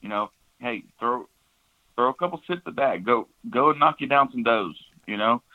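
A man's voice: medium pitch, animated, moderate pace. A man, casually telling a hunting story, full of restarts and "you know"s. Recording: tinny phone-like line.

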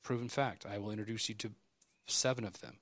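Animated storytelling man, dry close mic. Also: lowish voice, no echo. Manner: animated, acts out dialogue in quick bursts. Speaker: podcast guest. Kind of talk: casual storytelling.

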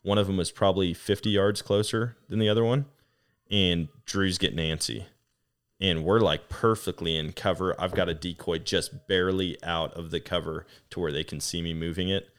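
Deep-voiced man hosting a podcast. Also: normal speed. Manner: animated, laughing storyteller who acts out quotes. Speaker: podcast host. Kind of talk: casual storytelling chat.

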